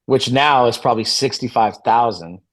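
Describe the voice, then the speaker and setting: A man's voice: medium pitch, normal speed. A man around forty, a guest musician and promoter, telling stories in a casual interview. He swears freely and acts out the people he quotes. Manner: profane, animated storyteller, acts out quoted dialogue.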